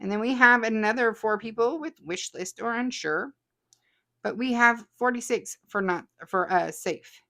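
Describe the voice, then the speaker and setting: Lady host reading comments off the thread, kinda high voice, laughs a lot. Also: normal speed, sharp tone. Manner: chatty, laughs often, reads comments aloud. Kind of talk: casual livestream chat reading comments.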